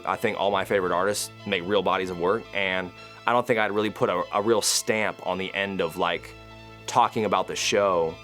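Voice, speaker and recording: A man's voice: deep voice, steady tone, a little fast, a bit bright, faint music behind. A young man, a rapper, telling his story in a casual, slangy way with lots of "like" fillers. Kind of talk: reflective personal storytelling.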